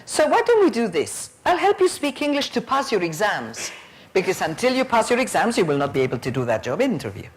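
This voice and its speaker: A woman's voice: mid-range voice, huge pitch swings, a little fast, slight background noise. A woman voicing a young, nervous female trainee teacher, who talks to a pupil in a coaxing, encouraging way.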